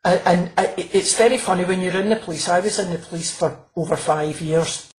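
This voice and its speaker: A woman's voice: on the low side, fairly quick, a little mellow, rough recording. Chatty woman, laughing storyteller. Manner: chatty, restarts often, laughs while telling stories. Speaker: crime author and former police officer. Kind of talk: casual interview chat.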